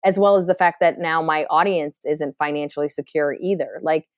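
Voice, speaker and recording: A woman's voice: sits low, normal speed, smooth, no echo, studio quality. A woman comedian in her thirties from New Jersey, talking candidly in a podcast interview, often restarting her sentences. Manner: candid, reflective, with frequent fillers and restarts. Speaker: stand-up comedian, guest.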